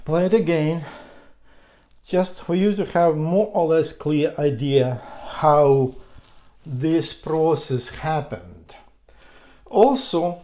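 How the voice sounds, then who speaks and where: Slow, dark-voiced man teaching. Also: on the high side. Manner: hesitant, many fillers and restarts, patient. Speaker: language teacher. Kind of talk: slow explanatory lesson.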